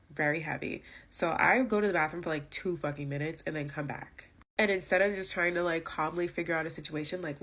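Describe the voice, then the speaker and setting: A young woman vlogger telling an indignant storytime rant, emphatic and full of fillers. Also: on the low side.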